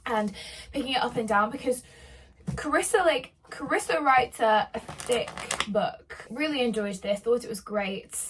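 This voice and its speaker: Young woman, casual vlog chat, fairly high voice, slightly hoarse, faint background hiss. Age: 20s. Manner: chatty, rambling, full of "like" fillers. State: slightly hoarse, losing her voice. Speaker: book vlogger.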